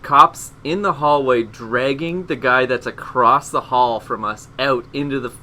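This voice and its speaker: A man's voice: mid-range voice, a little slow, pushed and bright. A man co-hosting a podcast, telling a story in casual chat and laughing often. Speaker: podcast co-host.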